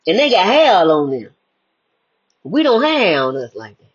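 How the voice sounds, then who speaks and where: Breathy woman life coach preaching spiritual stuff, pitch all over the place, kinda muffled lo-fi audio. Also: wildly swooping pitch, normal speed. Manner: emphatic, preachy, repeats key phrases. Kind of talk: spiritual motivational monologue.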